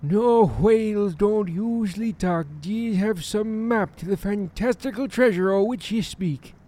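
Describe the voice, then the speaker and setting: Male actor plays a pirate skipper faking being a scholar; high, unhurried, gruff and evasive, audio comedy. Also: dark tone. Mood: shifty. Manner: gruff pirate talk, clumsy cover stories. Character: scruffy male pirate captain posing as a scholar.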